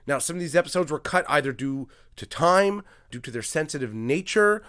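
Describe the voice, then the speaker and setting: A man hosting a comedy podcast, talking in a lively, mock-grandiose way and poking fun at his own show. His voice sits somewhat high for a man. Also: fairly quick, clear, resonant tone. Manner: energetic, mock-grandiose, self-mocking. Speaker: podcast host.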